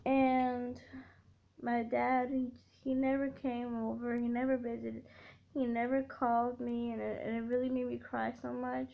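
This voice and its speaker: A young woman tells her own heartbreak story in a tearful, heartfelt way. She talks haltingly, often restarting and repeating herself. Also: on the high side, level tone, gravelly. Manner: halting and repetitive, with many restarts and fillers. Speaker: vlogger. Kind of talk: emotional storytime confession. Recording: dull lo-fi recording.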